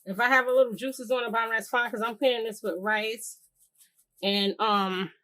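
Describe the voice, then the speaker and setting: Woman, cooking video host, casual rambling chat to viewers, slightly high voice. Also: fairly even intonation, normal speed, very noisy. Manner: chatty, talks to viewers as "y'all"; rambling with many fillers and restarts.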